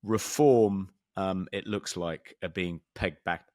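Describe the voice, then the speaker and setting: A deep-voiced man co-hosting a political podcast. He pauses and restarts often, filling gaps with ums, in a dry, close recording with no room sound. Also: darkish tone, dry recording. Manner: hesitant, many ums and restarts. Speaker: podcast co-host. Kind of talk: casual political discussion.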